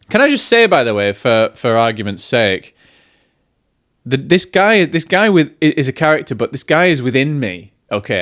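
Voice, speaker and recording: A man with a mid-range, slightly bright voice chats casually as a film vlogger. He's self-deprecating and keeps drifting off on tangents.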